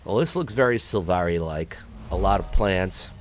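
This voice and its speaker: A man's voice: low-pitched, animated, normal speed, soft background music. A man hosting a let's play, rambling between topics, joking and taunting the enemies he fights. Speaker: gaming video host.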